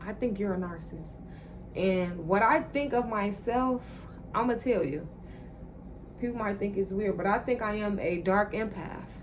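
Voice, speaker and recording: A woman telling a personal story straight to her viewers in a casual, animated and profane monologue. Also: medium pitch, normal speed, a little hiss or hum. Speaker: vlogger.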